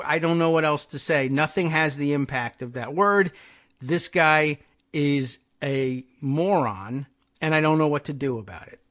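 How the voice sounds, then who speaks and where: A man's voice: a little high, a bit bright. A man hosting a political talk podcast, delivering a casual, sarcastic and exasperated monologue and mocking the quotes he reads out. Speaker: podcast host.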